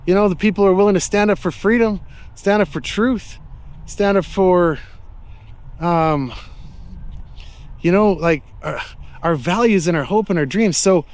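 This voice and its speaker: A man's voice: sits high, measured pace, long pauses. A man vlogging while walking outdoors in a city, asking passersby questions in a friendly, reflective way with loose fillers. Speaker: street interviewer and vlogger. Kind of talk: casual walking vlog with street questions. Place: outdoors in a city street and park.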